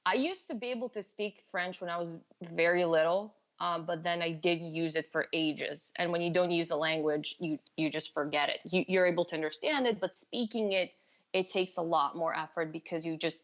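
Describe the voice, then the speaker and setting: A woman in her twenties, a native Serbian speaker, chatting as a guest in a relaxed, matter-of-fact way. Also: fairly low pitch, normal speed. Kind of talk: casual chat. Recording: dull lo-fi audio.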